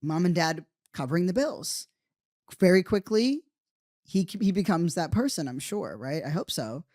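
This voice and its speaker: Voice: mid-range voice, lively intonation, moderate pace, darkish tone, no room sound, studio quality. A podcast host talking in a casual, rambling monologue, often swearing and tagging on "right?" and "you know".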